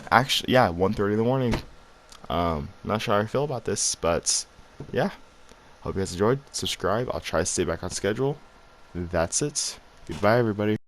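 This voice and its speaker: A man's voice: lowish voice, lively intonation, brisk, a little hiss or hum. A teenage boy telling a story to his viewers in a casual, rambling way, full of fillers and restarts, sounding tired late at night. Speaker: vlogger.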